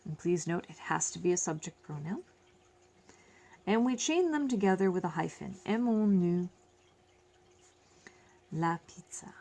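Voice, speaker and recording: A woman teaching a French lesson, explaining slowly and repeating each phrase in both languages, with self-deprecating asides. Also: on the low side, expressive, warm tone. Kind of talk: classroom lesson.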